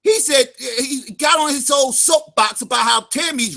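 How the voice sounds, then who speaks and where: A man hosting his own channel, ranting heatedly and profanely in a vlog and often shouting. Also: very high voice, moderate pace, creaky. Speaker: channel host.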